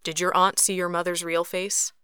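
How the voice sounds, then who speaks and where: A woman reading an audiobook who voices a calm young male Fae with patient, low, even replies. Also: moderate pace, clean tone, no echo, studio quality. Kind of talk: audiobook character voice.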